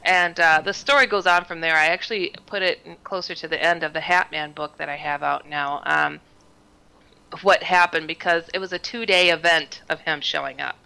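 A woman, a guest author, telling a personal story on a talk show in a lively way, acting out the voices of the people she quotes. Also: low-pitched, moderate pace, creaky, smooth, poor audio.

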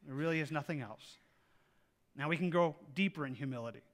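A male pastor preaching a sermon with lively delivery, acting out little scenes of people praying and God answering. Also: on the high side, a little fast. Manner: animated preaching, acts out voices of people praying.

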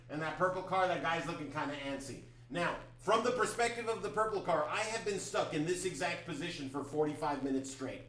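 This driving instructor is a middle-aged man with a fairly high, fairly bright voice, teaching a classroom lecture full of chatty storytelling and repeated "right?" check-ins with students. The poor audio comes from an echoey room and carries a little hiss or hum.

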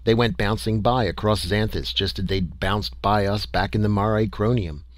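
A man narrating an audiobook in a measured first-person storytelling manner. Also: fairly low pitch, steady tone, no echo.

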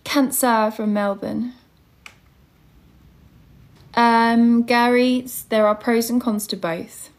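A woman's voice: fairly high pitch, steady tone, slow pace, long pauses. A young woman hosting a casual livestream and teaching English online, greeting viewers by name and reading out their star signs.

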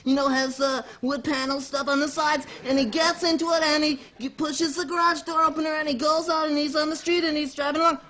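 A man's voice: extremely high pitch, flat delivery, fairly quick, few pauses, pushed and bright. An actor playing a giddy, childlike man-boy who rambles, restarts and giggles through his talk as a talk show guest. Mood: giddy storytelling. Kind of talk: comic character performance.

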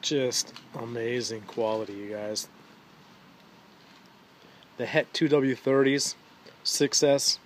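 A man's voice: medium pitch, slow pace, long pauses, a little hiss or hum. A middle-aged man doing a casual, enthusiastic unboxing at home, who keeps saying "you guys" to his viewers. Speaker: RC hobby vlogger.

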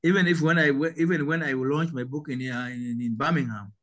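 Tanzanian guy in his 70s, kinda high voice, emphatic, keeps repeating words as he restarts. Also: steady tone, fairly quick, fairly bright tone. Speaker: guest. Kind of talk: interview answers.

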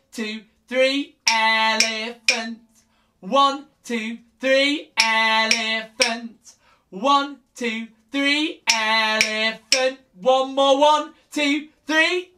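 A woman's voice: fairly high pitch, background noise. A woman leading an interactive preschool music lesson, counting out words and coaxing children in a sing-song way.

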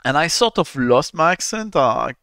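A man's voice: fairly high pitch, lively intonation, normal speed, pushed and bright, clean tone, no echo, studio quality. A Belgian man with a French accent, hosting a podcast in casual, wry conversation. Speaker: podcast host. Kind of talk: casual chat.

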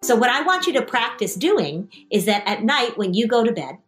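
A woman's voice: on the high side, moderate pace. A middle-aged woman therapist hosting a session, coaching a parent and child and telling stories with acted-out voices. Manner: lively storyteller, acts out scenes with voices. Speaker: anxiety therapist and podcast host.

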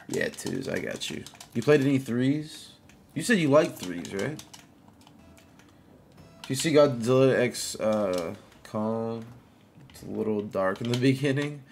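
A man streaming a game live, chatting casually with viewers, greeting them by name and reacting out loud to plays. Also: medium pitch, expressive, takes it slowly, gravelly, long pauses, slight background noise.

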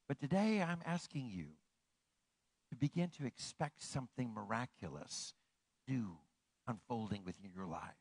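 A man pastor delivering a sermon in an animated way, swinging from hushed, slow passages to ringing declarations. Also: mid-range voice, no room sound, rough recording.

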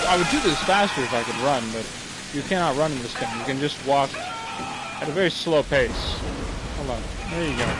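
A man's voice: fairly high pitch, very noisy. A young man streaming a video game, joking and talking back to the characters on screen. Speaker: gaming streamer. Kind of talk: let's play commentary.

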